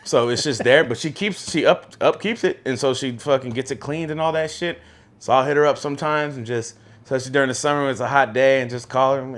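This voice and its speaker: A young man with a mid-range voice chatting loosely on a podcast. He jokes and swears in an easy, unhurried way. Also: medium pitch. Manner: laid-back, profane, joking. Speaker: podcast co-host. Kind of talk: casual chat.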